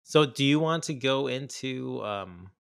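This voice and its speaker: A man's voice: mid-range voice, lively intonation, a little slow, creaky, fairly bright tone, clear, resonant tone, no echo, studio quality. A man co-hosting a casual chat about horror films, enthusiastic and rambling, with many fillers and restarts. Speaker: podcast co-host.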